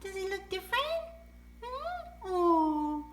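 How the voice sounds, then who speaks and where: A woman's voice: extremely high pitch, very animated, takes it slowly. A woman filming her parrot at home, talking to him in sing-song baby talk, cooing, gasping and laughing often. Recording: echoey room with faint noise.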